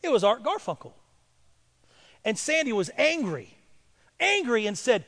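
A male pastor telling a story in a sermon and building to loud, emphatic preaching. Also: very high-pitched, very animated, a little slow, long pauses, in a large hall.

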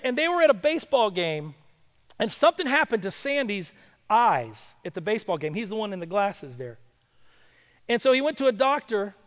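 A man preaching a sermon, telling a story with sudden hushed drops and loud rising peaks. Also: sits high. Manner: storytelling, rising to shouts and drops to near-hush. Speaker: pastor. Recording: long hall reverb.

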